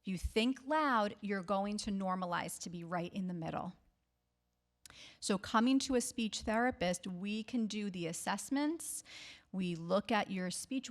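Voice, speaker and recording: Woman speech therapist talking to a crowd, reassuring, keeps saying okay?. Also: mid-range voice. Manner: reassuring, often checks in with "okay?". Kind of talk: health presentation to the public. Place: library talk.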